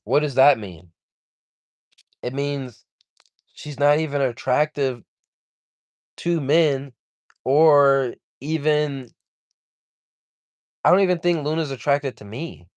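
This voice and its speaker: A man's voice: medium pitch, slow pace, pauses often, darkish tone, no echo. A man hosting a livestream, venting in a heated, profane, rambling complaint. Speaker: livestream host.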